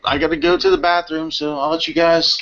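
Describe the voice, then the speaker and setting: A man from Florida ranting in a casual panel chat, animated and slangy. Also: a little high, a little fast, creaky. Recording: dull lo-fi stream audio.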